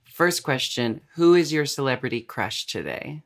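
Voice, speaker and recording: A man's voice: mid-range voice, lively intonation, moderate pace. A man in his thirties hosting a casual interview chat, laughing often and talking with many fillers. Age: 30s. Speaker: podcast host.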